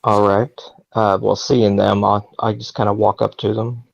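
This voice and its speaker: A man playing a tabletop game, speaking briefly and relaxed. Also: lowish voice, moderate pace, creaky, dull audio. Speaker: player. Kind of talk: casual tabletop play.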